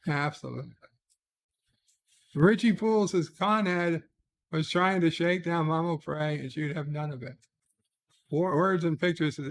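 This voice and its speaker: A man's voice: a little high, vocal fry, fairly bright tone. A man hosting a casual livestream, reading viewer comments aloud and answering each with short asides. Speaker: livestream host.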